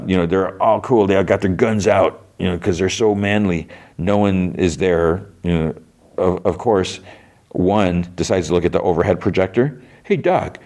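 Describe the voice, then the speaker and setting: Low-voiced man retelling scenes casually. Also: steady tone, moderate pace, darkish tone. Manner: quotes characters with loose voice shifts, many fillers like "like"; sarcastic asides about characters. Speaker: podcast host recapping a series.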